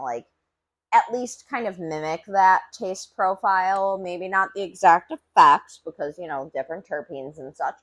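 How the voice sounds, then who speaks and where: Chatty woman rambling on her podcast, lowish voice that swings up and down a lot, drops a swear here and there. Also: a bit bright. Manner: swears casually. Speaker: podcast host reviewing cannabis. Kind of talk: casual solo chat.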